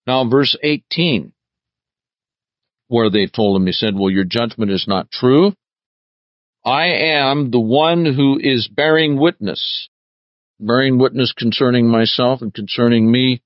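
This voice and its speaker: Slow emphatic male preacher, lo-fi. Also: mid-range voice, dry recording. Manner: slow, emphatic, rising sharply on key words. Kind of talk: verse-by-verse Bible teaching. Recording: dull lo-fi dry recording.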